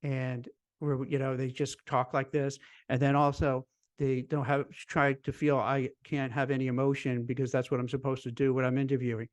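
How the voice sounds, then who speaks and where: A man, a recruiter and career coach, giving casual job-interview advice in a chatty, animated way, full of "you know" and "like". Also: a little high, moderate pace, no room sound. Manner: conversational, lots of fillers like "you know" and "like"; animated, acts out quoted voices. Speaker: recruiter and career coach hosting a live stream.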